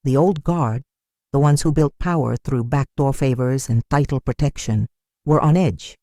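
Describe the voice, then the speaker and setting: A narrator reading a dramatic story in a steady, scripted storytelling style. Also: mid-range voice, normal speed, no room sound, clean studio sound.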